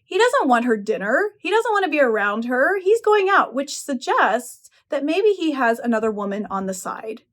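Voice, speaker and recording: A woman English professor giving a literary analysis lecture, retelling a short story with expressive, opinionated commentary. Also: high voice, normal speed, few pauses.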